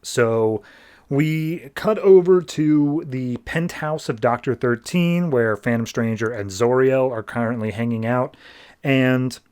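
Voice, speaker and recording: A man co-hosting a podcast, loosely recapping a comic issue in a chatty, filler-heavy way with quick paraphrased character asides. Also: medium pitch, darkish tone, clean tone. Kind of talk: casual comic-book recap.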